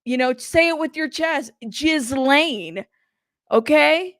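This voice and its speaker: A woman hosting a casual live stream, chatty and playful, reading viewer comments aloud and giving shout-outs. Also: high voice, normal speed, dry recording, studio quality. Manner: playful, teasing. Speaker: livestream host.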